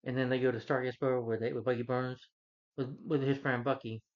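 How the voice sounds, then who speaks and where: A man's voice: mid-range voice, level tone, a little fast, highs cut off. A man giving a casual, rambling plot recap as a movie reviewer, earnest when praising the hero. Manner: rambling, loose retelling with restarts; earnest, heartfelt asides.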